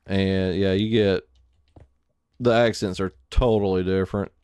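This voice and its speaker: Low, smooth-voiced Southern streamer man. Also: steady tone, a little slow, darkish tone, no echo. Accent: Southern US (Alabama). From Alabama, US South. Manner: rambling, loose, heavy on fillers. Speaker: live streamer playing a survival game. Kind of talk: casual chat while gaming.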